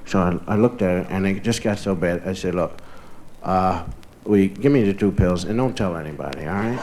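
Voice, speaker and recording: A man's voice: low voice, brisk. A man telling a long comic story on stage, acting out the other voices in the tale. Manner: animated storyteller, acting out both sides of dialogue. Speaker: stand-up comedian. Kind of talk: stand-up storytelling to a live audience. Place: live stage with audience laughter. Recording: vintage vinyl live recording with faint hiss.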